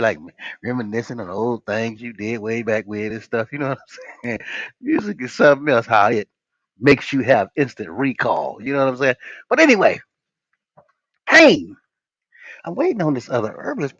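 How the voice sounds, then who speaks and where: A man's voice: medium pitch, a bit bright, no room sound. A man hosting a livestream, chatting casually and joking with his viewers in a loose, rambling way. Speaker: livestream host. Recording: dull, dry lo-fi stream audio.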